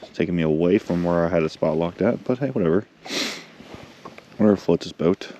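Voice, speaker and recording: A man vlogging while fishing, chatting casually and getting excited, talking to the fish he catches. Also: low-pitched, brisk, lo-fi sound, a little hiss or hum. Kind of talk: casual chat. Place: on a boat outdoors.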